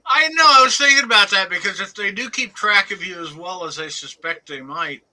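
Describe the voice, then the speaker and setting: A man with a high, very bright and sharp voice muses aloud in casual conversation. He sounds thoughtful and a little wry, as if turning over an amusing idea. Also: lively intonation, brisk. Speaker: podcast co-host. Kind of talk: casual chat.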